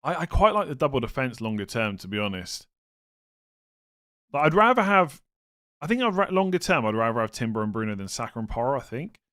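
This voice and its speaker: A young man hosting a casual live stream, reading viewer questions aloud and thinking out loud with self-mocking humor. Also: mid-range voice, big pitch swings, fairly quick.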